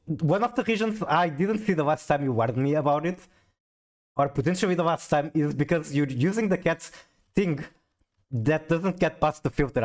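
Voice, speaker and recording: Chatty stammering male streamer. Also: on the high side. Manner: chatty, stammers on restarts, reads chat aloud. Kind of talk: casual live-stream chat while playing a card game.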